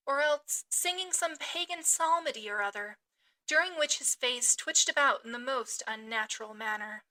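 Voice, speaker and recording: A woman reading a classic novel aloud as a podcast host, with expressive, dramatic phrasing. Her voice is high and bright with a crisp edge.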